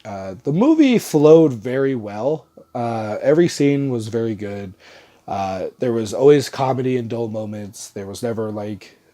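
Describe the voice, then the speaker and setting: A young man with a mid-range, dark-toned voice gives a casual spoken movie review. His nose is stuffy and congested from a cold, and his loose, rambling take is full of "uh" fillers.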